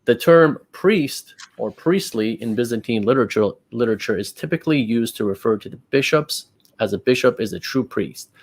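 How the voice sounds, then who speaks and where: A man hosting a casual discussion, reading passages aloud and pushing back on them with exasperated emphasis. His voice sits at a middle pitch. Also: animated, normal speed, a little mellow. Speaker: channel host.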